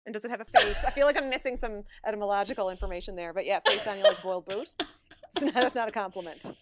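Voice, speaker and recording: A woman's voice: medium pitch, rapid-fire, crowd noise. A woman, chatting as a podcast guest and laughing as she trades local sayings. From Newfoundland. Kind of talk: casual chat.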